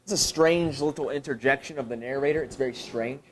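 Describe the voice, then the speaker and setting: Speaking a little fast, this man presents a professional development workshop to an audience gathered in a high school room. He reasons out loud, asks himself questions and answers them, and his voice jumps high whenever he stresses a point. A camera recorded the live session, leaving a faint hiss or hum.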